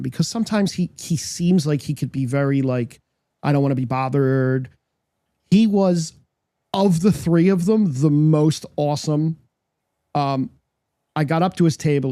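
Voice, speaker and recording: A man's voice: fairly high pitch, a little mellow, no echo, studio quality. A man co-hosting a podcast, chatting casually and telling a story with acted-out quotes and frequent restarts. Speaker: podcast co-host. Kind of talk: casual chat.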